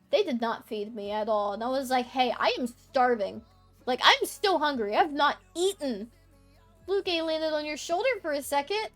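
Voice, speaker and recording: A young woman streamer casually telling a long story, rambling and animated, swearing freely. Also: a little high.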